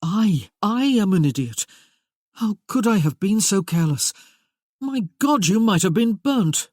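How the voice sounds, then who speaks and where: A woman voicing a brooding, earnest young nobleman with a low, intense delivery. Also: expressive, normal speed, warm tone, breathy edge, no room sound, studio quality. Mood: distressed.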